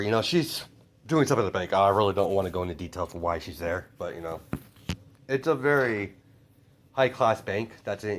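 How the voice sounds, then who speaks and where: A man improvising a fan story out loud in a rambling way, filling his sentences with hesitations and fillers. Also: fairly low pitch. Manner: rambling, full of "you know" fillers.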